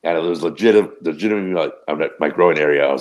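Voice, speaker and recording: Deep-voiced man telling a rambling story. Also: fast talker. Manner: rambling, profane, animated anecdote. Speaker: podcast co-host. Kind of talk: casual storytelling.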